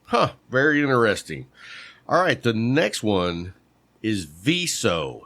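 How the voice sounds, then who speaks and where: A man's voice: medium pitch, very animated, takes it slowly, no room sound. A man co-hosting a casual podcast chat, quizzing his partner on terms and calling out right answers with playful exclamations. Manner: playful quizmaster, shouts "bam" on right answers.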